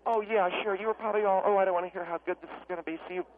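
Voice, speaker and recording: A man puts on a high, insistent caller, an amateur entertainer sure of his own talent. He chatters on defensively. His voice comes through a tinny phone line with faint hiss. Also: steady tone, rapid-fire, natural voice. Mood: pushy. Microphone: telephone.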